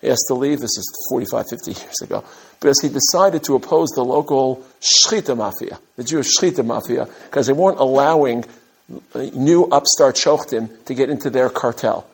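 A man, from Brooklyn, giving an animated mussar talk to his students as a rabbi, with emphatic rises and humorous asides. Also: medium pitch, a little fast, gravelly, breathy edge. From Brooklyn, USA. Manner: direct address to his students.

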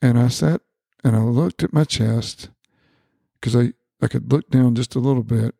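A middle-aged family doctor, appearing as an interview guest, earnestly recounts a personal experience in a warm voice with vocal fry at a moderate pace. He repeats words and quotes dialogue with rising pitch, and the recording is clean studio sound with no room noise.

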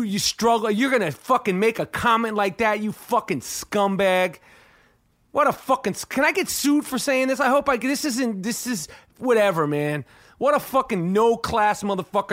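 A man, hosting a podcast in an animated, profane comedic rant, swearing and repeating himself. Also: sits high. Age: 40s. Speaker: podcast host.

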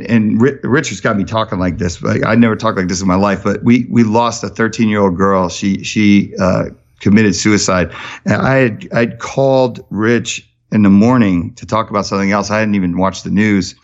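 A man's voice: on the low side, normal speed, highs cut off. A man talking as a podcast guest, telling stories with energy and many restarts. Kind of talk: casual interview talk.

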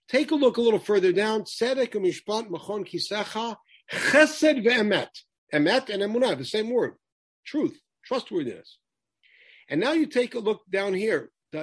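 A man's voice: high-pitched, husky, dry recording. A man teaching a Torah lesson, quoting Hebrew verses and translating them emphatically. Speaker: Bible teacher.

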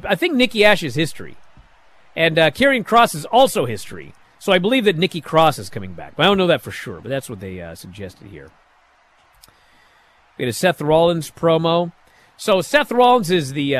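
Animated man recapping wrestling, lively pitch. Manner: animated, sarcastic, acts out quotes in bursts. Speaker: wrestling show recap host. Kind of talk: casual recap commentary.

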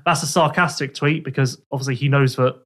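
A man's voice: mid-range voice, steady tone, fairly quick. A young man co-hosting a podcast, reading out listener questions and answering with dry, teasing asides. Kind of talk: casual chat.

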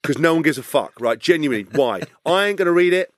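A man's voice: fairly high pitch, no room sound, studio quality. A man in his thirties chatting as a podcast guest, blunt and swearing freely. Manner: blunt, swears a lot, fast and animated. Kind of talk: casual chat.

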